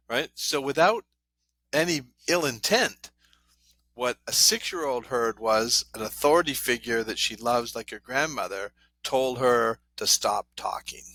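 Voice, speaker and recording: A man's voice: medium pitch, no room sound. A middle-aged man, a trauma therapist, telling stories in a podcast interview and acting out what people said. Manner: animated anecdotes, acts out quoted voices.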